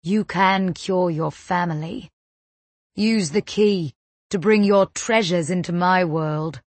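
Lady putting on a low cockney otherworldly guy, seductive and hushed, slow, from an audiobook. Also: no room sound. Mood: beckoning. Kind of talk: audiobook reading.

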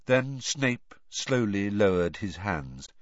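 A man narrating an audiobook in an expressive storytelling read. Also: fairly low pitch, slow pace, no room sound. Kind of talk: scripted narration. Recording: dry, slightly dull recording.

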